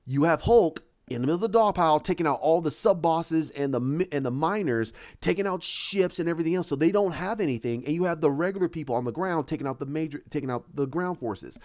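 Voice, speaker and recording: A man talks on his own podcast in a lively, rambling way, his voice rising and falling a lot and sitting a little high for a man. He jumps into quick voices and sound effects as he goes. The recording sounds dull and lo-fi. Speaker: podcast host. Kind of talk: casual solo podcast commentary.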